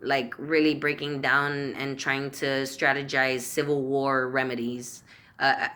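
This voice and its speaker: A man's voice: mid-range voice, bright, forceful tone. A man vlogging a heated rant to camera, swearing constantly and tripping over his words as he repeats himself. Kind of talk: profane political rant to camera.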